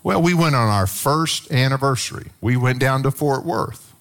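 A man's voice: mid-range voice, lively intonation, normal speed, fairly bright tone. A middle-aged man, a pastor preaching a sermon, telling stories with playful acted quotes and emphatic swells.

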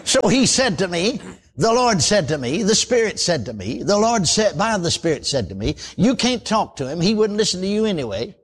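Husky, lively preacher man. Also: high voice, moderate pace. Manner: folksy, exclamatory preaching with repeated amens. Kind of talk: radio sermon.

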